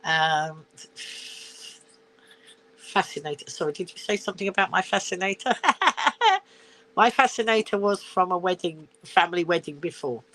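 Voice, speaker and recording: Older woman from england, rambling live-stream chat, low-ish voice, giggly, phone camera. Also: normal speed, long pauses, fairly bright tone. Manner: rambling, giggly, reads viewer comments aloud. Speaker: livestream host.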